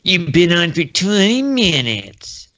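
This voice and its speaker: A man's voice: high voice, big pitch swings, slow pace, fairly bright tone, highs cut off, pitched above the performer's own voice, exaggerated voice. A man putting on a crotchety old grump. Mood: indignant. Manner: whiny, indignant complaining. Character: crotchety old man hogging a library computer, grumbling.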